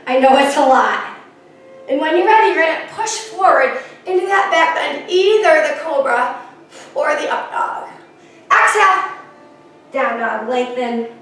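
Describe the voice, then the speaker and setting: Upbeat woman yoga teacher, high voice, chatty cues, recorded in a very echoey room from afar with soft music. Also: far from the mic, a little hiss or hum. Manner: encouraging, chatty, self-teasing asides. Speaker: yoga instructor. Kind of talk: guided yoga class instruction.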